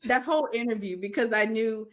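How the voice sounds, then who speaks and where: A middle-aged woman co-hosting a podcast in casual chat, opinionated and quick to joke and laugh. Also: fairly high pitch. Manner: joking and opinionated, laughs often. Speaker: podcast co-host.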